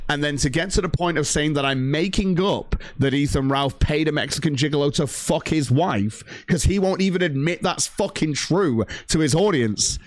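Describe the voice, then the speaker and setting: A man's voice: a little high, dry recording, clean studio sound. Profane, heated male stream host. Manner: reads out viewer donations. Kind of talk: ranting livestream commentary.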